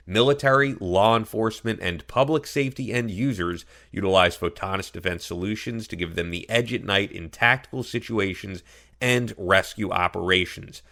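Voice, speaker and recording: A podcast host reading sponsor ads with an upbeat, emphatic delivery. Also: male voice, fairly low pitch, sharp tone. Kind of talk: ad read.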